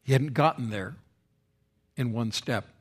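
A man preaching a sermon, swinging between loud dramatic quotes and quiet, solemn passages. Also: medium pitch, a little slow, slightly rough. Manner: expressive preaching, rising loud for quoted speech and dropping soft for solemn lines. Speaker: pastor.

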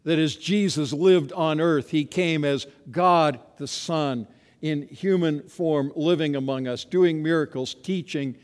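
A man preaching a sermon in an earnest, emphatic way, slowing down to stress key phrases. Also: a little high, a little mellow. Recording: long hall reverb.

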